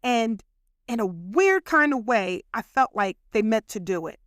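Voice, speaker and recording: A woman tells her own story in a relaxed, chatty way, talking straight to her listeners as if to friends. Her voice sits a little high, and the recording is dry and close, with no room sound. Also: unhurried, no echo. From Philadelphia. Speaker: podcast host telling her own story. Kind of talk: casual personal storytelling.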